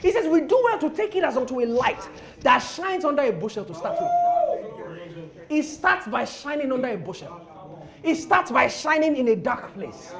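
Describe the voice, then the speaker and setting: A man preaching with a very high, gravelly voice that rides up and down with great animation. He drops to quiet murmurs one moment and breaks into impassioned shouts the next as he reads and explains scripture. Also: very animated, normal speed, crowd noise. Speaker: pastor. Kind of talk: sermon.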